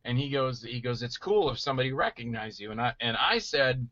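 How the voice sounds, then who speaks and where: A middle-aged man telling stories in casual chat, animated and acting out voices he quotes. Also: mid-range voice, a little fast, no echo, dull audio. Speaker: guest actor telling stories.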